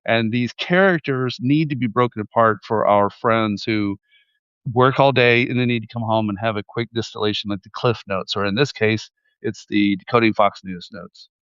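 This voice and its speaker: A man from Texas hosting a remote interview from his apartment, easygoing and quick to chime in with short affirmations. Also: lowish voice, fairly bright tone, dry recording, highs cut off. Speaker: host. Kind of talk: casual interview chat. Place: high-rise apartment in Kyiv.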